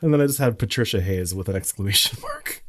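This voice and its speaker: A man co-hosting a podcast in casual chat, candid and quick to laugh. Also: lowish voice, animated. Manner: giggly, candid, frequent laughter. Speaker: podcast co-host.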